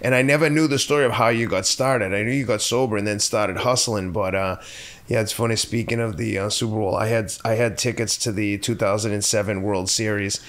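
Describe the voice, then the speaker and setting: A man speaks in a lowish voice. He asks blunt, curious questions and swears casually. It sounds like a relaxed podcast conversation between friends. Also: fairly quick. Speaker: podcast guest. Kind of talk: casual interview chat.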